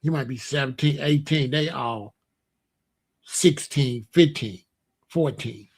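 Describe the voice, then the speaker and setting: A man's voice: mid-range voice, takes it slowly, husky. An older man, telling stories in a rambling, casual way and pointing out places around him outdoors. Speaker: vlogger. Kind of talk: casual storytelling.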